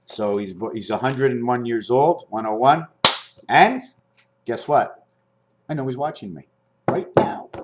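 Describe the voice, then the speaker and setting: A man's voice: unhurried, long pauses, slight background noise. Rambling man in his fifties. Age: 50s. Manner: rambling, swings between high loud bursts and low muttering. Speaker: vlogger. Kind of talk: rambling spiritual monologue.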